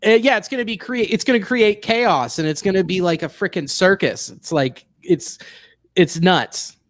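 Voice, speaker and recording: A man's voice: sits high, normal speed. A man guesting on a casual podcast as a comedian, laid-back and easygoing. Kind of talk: casual chat.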